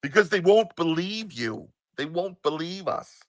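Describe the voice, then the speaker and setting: A man's voice: a little high, expressive, measured pace, no echo, voice pushed up. Man putting on his angry, insistent mother. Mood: urgent. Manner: sharp, insistent, raised voice. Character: angry frightened 1960s mother, smoker.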